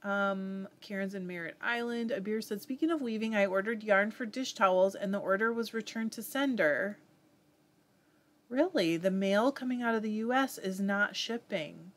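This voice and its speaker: A chatty woman with a Southern US lilt hosts a casual live stream. She reads out viewers' comments and answers them, often laughing as she goes. Her voice sits at an ordinary middle pitch. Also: normal speed. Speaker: host of a live fiber arts stream.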